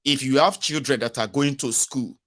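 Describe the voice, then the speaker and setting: A man's voice: mid-range voice, moderate pace, fairly bright tone. A man with a Nigerian accent giving a mocking, emphatic political commentary, switching between Pidgin and English.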